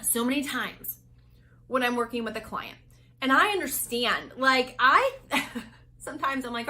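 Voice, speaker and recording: A woman weight loss coach talks straight to camera in a motivational vlog. Her voice is high and forceful, and bright in tone. She speaks energetically and candidly, full of "like" and quick restarts. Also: expressive.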